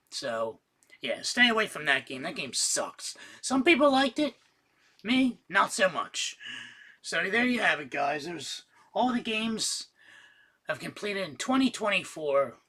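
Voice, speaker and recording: A man's voice: sits high, slow pace, pauses often, breathy edge. A man casually reviewing the games he finished, swearing freely and getting worked up in rants. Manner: casual, profane, excitable rants. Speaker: gaming YouTuber. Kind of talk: casual game roundup.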